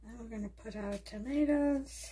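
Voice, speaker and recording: A woman's voice: fairly high pitch, normal speed, dark tone, slight background noise. A woman with a mixed Southern and New York accent hosts a casual home cooking demonstration, chatting in a laid-back way while she works in her kitchen. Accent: mix of Southern US and New York. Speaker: cooking show host.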